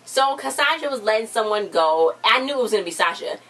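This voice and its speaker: A woman's voice: fairly high pitch, expressive, a little fast, a bit bright, rough recording. A young woman in her late teens, chatting casually as she recaps a TV episode, full of slang and fillers. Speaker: TV recap vlogger. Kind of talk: casual chat.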